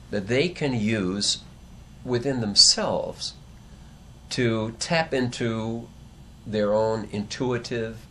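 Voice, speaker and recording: Gravelly man asking a long winding question. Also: lowish voice, fairly bright tone, slight background noise. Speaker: interviewer. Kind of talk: interview questions.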